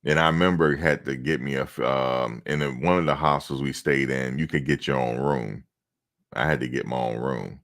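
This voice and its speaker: A man's voice: very deep voice, fairly even intonation, moderate pace, fairly bright tone. A man chatting casually on a livestream, telling rambling stories and talking straight to his viewers. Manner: rambling, loose storytelling, talks to chat viewers. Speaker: reaction streamer.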